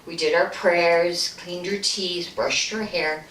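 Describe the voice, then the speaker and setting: A woman giving a storytelling speech at a club meeting, acting out the voices and dropping to a hush for punchlines. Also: fairly low pitch, slow. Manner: animated, acts out voices, hushed at punchlines. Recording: echoey room, distant mic, faint noise.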